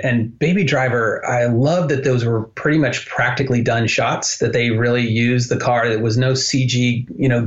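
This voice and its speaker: Male guest, chatty storyteller, muffled lo-fi audio, mid pitch. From United States. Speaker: guest, animator. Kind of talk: podcast interview.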